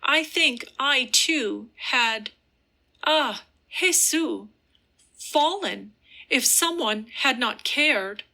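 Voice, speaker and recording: A woman reading as a wistful young noblewoman, earnest, gentle pleading tone, slow, bright. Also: sits high, animated, gravelly, voice pushed up, full character voice. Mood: fervent.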